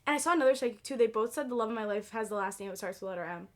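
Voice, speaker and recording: A young woman guest on a podcast, telling stories in an animated, bubbly way and acting out the dialogue she quotes. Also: on the high side, rapid-fire. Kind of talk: casual storytelling.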